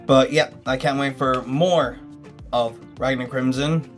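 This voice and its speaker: A man's voice: mid-range voice, steady tone, a little slow, soft background music. A man reviewing a manga in a casual, enthusiastic video, chatty and full of fillers.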